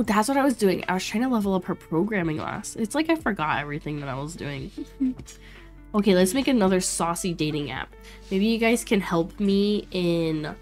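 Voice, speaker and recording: A young woman from Florida streaming a life sim game, chatting casually with her viewers, reacting loudly and laughing often. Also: on the low side. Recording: faint music behind.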